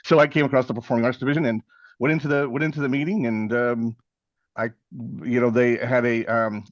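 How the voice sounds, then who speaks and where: A man's voice: medium pitch, steady tone, a little fast, no echo. Chatty man telling stories, dry muffled sound. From Texas. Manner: rambling, self-mocking, acts out quoted voices. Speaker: podcast guest. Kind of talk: casual interview storytelling.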